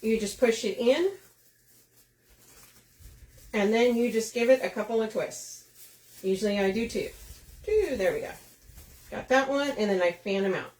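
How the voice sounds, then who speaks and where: A woman's voice: a little high, moderate pace, pauses often, darkish tone. A chatty woman, hosting a live craft demo, talking to viewers by name and laughing often. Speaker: craft shop host. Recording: echoey room.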